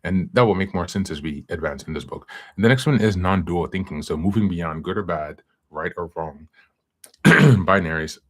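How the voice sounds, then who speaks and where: A man's voice: sits low, expressive, moderate pace. A man hosting a self-help podcast, talking casually with many fillers and asides, then reading from a book. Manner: rambling, frequent fillers and "you know". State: hiccuping. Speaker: podcast host.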